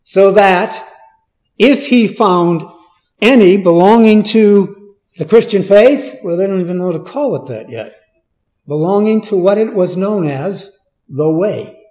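A man's voice: high voice, animated, measured pace, a little mellow. A man preaching a Bible teaching in a conversational way, asking the listeners questions and stressing key words.

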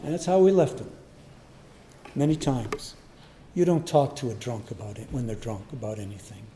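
A man's voice: medium pitch, normal speed, warm tone, slight background noise. An older man preaching a sermon, telling a personal story in a conversational way. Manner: storytelling, conversational, acts out voices. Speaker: pastor.

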